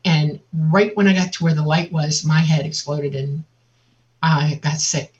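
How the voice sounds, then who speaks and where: A woman guest on an interview, telling a personal story in a lively way and acting out the voices of other people. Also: low-pitched, measured pace. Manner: vivid, laughs often, acts out quotes. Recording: dull lo-fi audio.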